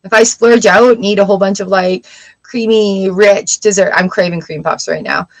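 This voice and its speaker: A woman's voice: medium pitch, steady tone, moderate pace, rough recording. Woman host, mid-range voice, frank and encouraging, chatty self-help talk. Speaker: tarot livestream host. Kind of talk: casual advice talk.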